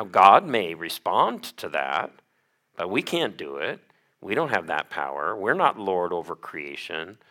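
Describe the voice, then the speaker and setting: Lively, bright-voiced male pastor preaching. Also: mid-range voice. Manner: lively preaching with humor and questions to the congregation. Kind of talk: sermon. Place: church sanctuary.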